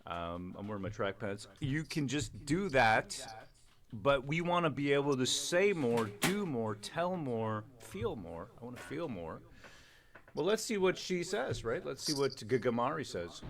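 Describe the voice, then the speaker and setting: A middle-aged man hosts a livestream of casual political chat, speaking in a rambling, emphatic style with many restarts. His medium-pitched voice is sing-song and unhurried.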